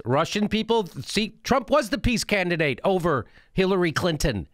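A man's voice: high-pitched, big pitch swings, moderate pace, few pauses, no echo, clean studio sound. A middle-aged man hosting a political commentary show, ranting in an indignant, mocking and profane way. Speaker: host.

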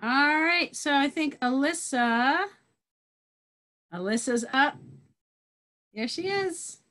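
A woman's voice: high voice, animated, takes it slowly, pushed and bright. A woman hosting a school video call, casually introducing each song leader in turn.

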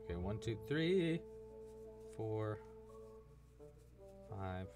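A man's voice: on the low side, expressive, very slow, a little mellow, soft background music. A young man from Southern California with a Californian accent, hosting a casual crochet livestream, goofy and laughing as he chats with viewers. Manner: goofy, laughing, chatty with viewers, puts on silly voices.

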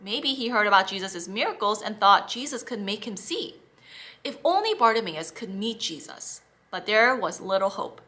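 A woman teaching children, reading a Bible story in an expressive, animated way. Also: mid-range voice, normal speed.

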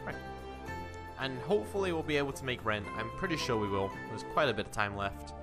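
A man's voice: mid-range voice, big pitch swings, a little fast. A young man casually commenting on his life-simulation game, chatting to his character as he plays. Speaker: gaming commentator. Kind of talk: casual let's-play commentary. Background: game music.

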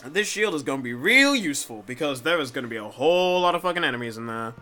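A young man giving casual let's play commentary, rambling, swearing freely and talking to the screen, muttering quietly and then breaking into loud excited outbursts. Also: a little high, fast, soft background music. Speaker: gameplay commentator.

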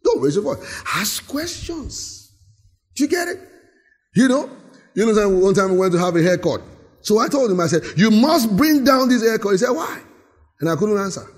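Animated pastor in a hall. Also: male voice, high-pitched, normal speed, pauses often. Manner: animated, acts out voices and laughs often. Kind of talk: sermon. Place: church hall.

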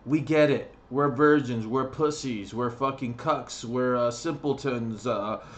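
A man's voice: mid-range voice, unhurried. A man ranting on his vlog, crude and profane, blunt and mocking. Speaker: vlogger.

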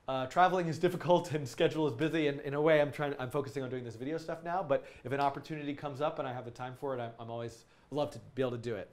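A man's voice: mid-range voice, darkish tone. A man hosting a casual coding live stream, talking students through project ideas in a rambling, enthusiastic way with many ums and restarts.

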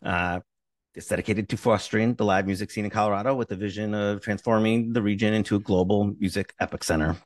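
A man's voice: on the low side, steady tone, fast talker, no room sound, far from the mic. A man co-hosting a podcast, bantering playfully and reading a short charity segment. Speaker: podcast co-host.

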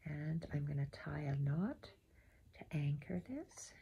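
A woman giving a step-by-step embroidery tutorial at home, softly counting her stitches aloud and often dropping to a half-whisper. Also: low voice, animated, slow, creaky, breathy edge. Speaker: embroidery instructor.

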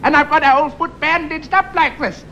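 A man's voice: extremely high pitch, steady tone, fairly quick. An actor playing a grumpy middle-aged man with gout who rants and flares up, in a 1970s radio comedy. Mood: ranting. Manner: indignant ranting, flaring into shouts. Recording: hissy old radio tape.

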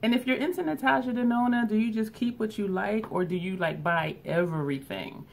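A woman's voice: medium pitch, fairly quick, creaky. A woman reviewing her eyeshadow palettes in a chatty, casual way, laughing often and correcting herself. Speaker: beauty vlogger.

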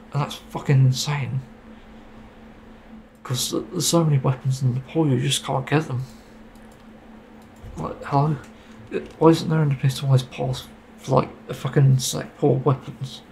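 A man's voice: mid-range voice, steady tone, normal speed, vocal fry, darkish tone, slight background noise, rough recording. A man giving a casual, rambling opinion monologue about a game, getting frustrated and swearing casually. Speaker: gaming video creator.

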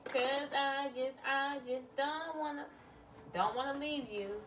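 A woman's voice: sits high, steady tone, takes it slowly, a bit bright, distant mic, a little hiss or hum. A woman doing a casual tarot reading, blunt and exclamatory, swearing freely as she lays out cards. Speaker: tarot reader.

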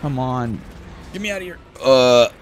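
A man's voice: mid-range voice, animated, normal speed, a little hiss or hum. A young man giving crude, joking gameplay commentary, swearing often and acting angry for laughs. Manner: profane, mock-angry, joking. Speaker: gaming video host.

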